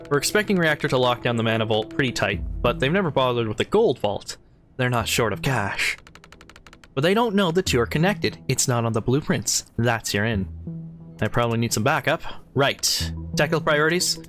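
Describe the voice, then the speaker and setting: A man's voice: mid-range voice, fairly bright tone. A man playing a video game, reading the dialogue aloud and breaking off for casual asides. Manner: reads lines aloud with chatty asides. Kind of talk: casual let's-play narration.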